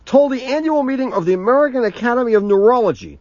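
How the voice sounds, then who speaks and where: A man's voice: extremely high pitch, lively intonation, fast talker, darkish tone, dry recording. A man co-hosting a radio show, bantering and reading listener mail, often breaking into giggling laughter. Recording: dull lo-fi radio broadcast.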